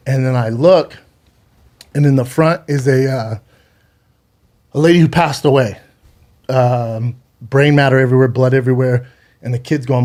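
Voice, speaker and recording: His voice is mid-range, steady, and a little mellow as this man in his thirties relates a harrowing story from his own life on a podcast. He curses a lot and is close to tears, speaking haltingly with restarts and repeated words.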